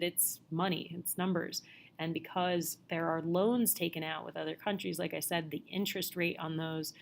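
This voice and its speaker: A woman teacher talking through a lecture over slides in a relaxed, conversational way, with plenty of fillers and restarts as she explains. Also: fairly low pitch, gravelly, slight background noise. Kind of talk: casual narrated slide lecture.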